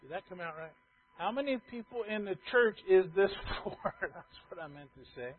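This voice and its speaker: High-voiced guy preaching, goes quiet then loud, asks the church stuff, sounds like a phone recording. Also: expressive, moderate pace, phone-quality sound. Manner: swings from quiet asides to loud emphatic passages, asks the congregation questions. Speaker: pastor. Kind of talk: sermon.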